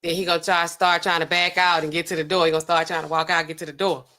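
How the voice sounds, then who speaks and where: A woman's voice: fairly low pitch, level tone, quick pace, sharp tone, faint music behind. A woman hosting a casual pharmacy commentary, reading drug documents aloud and checking in with "okay?" constantly. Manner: peppers talk with "okay?", skims and reads documents aloud. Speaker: pharmacist host.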